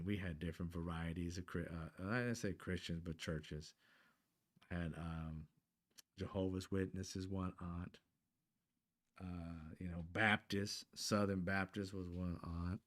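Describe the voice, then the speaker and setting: Man, 50s, host type, casual profane storyteller, a bit low-pitched. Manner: animated, profane, addresses listeners as y'all. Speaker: channel host.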